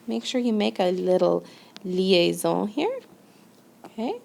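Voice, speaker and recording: A woman's voice: fairly low pitch, animated, takes it slowly, creaky, darkish tone. A woman teaching French grammar in a recorded lesson. She explains step by step and often checks in with "okay?".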